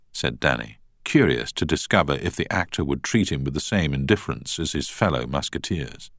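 A man narrating a novel in a measured, expressive reading. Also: a bass voice, dry recording, studio quality. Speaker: audiobook narrator. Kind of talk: scripted narration.

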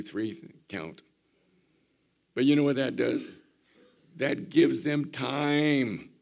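A man in his seventies, a pastor preaching a folksy, storytelling sermon with a hoarse, recovering voice. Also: mid-range voice. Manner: folksy storytelling, animated when mimicking. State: hoarse, recovering voice after surgery.

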